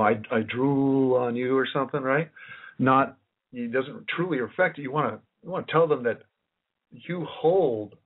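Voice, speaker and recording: Heard through a tinny, lo-fi recording, a man with a slightly rough mid-range voice lectures as an independent researcher. His talk wanders as he muses aloud, frequently restarting and repeating his phrases.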